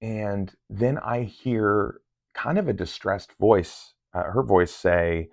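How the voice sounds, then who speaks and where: Speaking slowly in a gravelly, lowish voice, this meditation vlogger wanders through an account of his sessions, stumbling over ums and starting sentences again. The sound is dry, dull and lo-fi.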